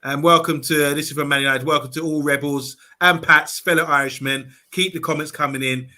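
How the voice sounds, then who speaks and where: A man's voice: on the high side, steady tone, brisk, bright, forceful tone. A man on a live fan show, reading viewer comments aloud in a casual way with lots of ums and uhs. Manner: reads comments aloud with many fillers. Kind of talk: casual live-stream chat.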